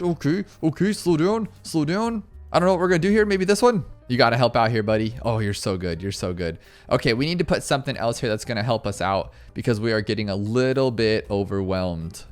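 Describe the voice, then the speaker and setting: A young adult man giving casual, excitable commentary as he plays a tower defense game, thinking aloud. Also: medium pitch. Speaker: gaming YouTuber.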